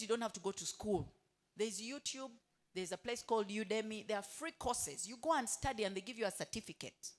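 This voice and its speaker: A woman giving a motivational talk to hotel staff. She keeps asking the room questions and has them finish her sentences. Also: fairly high pitch. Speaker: motivational speaker.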